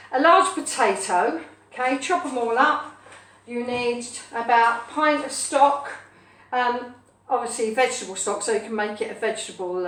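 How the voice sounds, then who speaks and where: Cooking live from her own kitchen, this woman hosts a casual stream and keeps up a chatty, playful banter with viewers, slipping into sing-song asides. Her fairly high voice has a slightly bright tone, captured from a distance in an echoey room.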